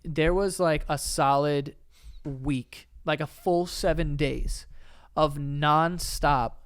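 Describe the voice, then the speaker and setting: A young man co-hosts a podcast in a slightly high, fairly even voice, speaking slowly with a clean tone. His casual chat rambles, packed with fillers and swearing.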